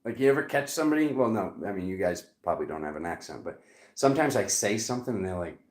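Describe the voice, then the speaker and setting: A man's voice: on the low side, lively intonation, fast talker, roomy sound. A man with a Rhode Island accent giving a casual tarot reading, rambling and cracking jokes as he goes. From Rhode Island, USA. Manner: rambling, joking asides. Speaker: tarot reader.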